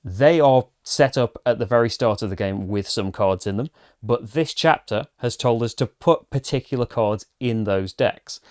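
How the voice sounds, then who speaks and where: A man's voice: medium pitch, moderate pace, no echo, clean studio sound. A man hosting a solo board game playthrough, explaining rules casually with many fillers and reading story passages aloud. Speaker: board game channel host.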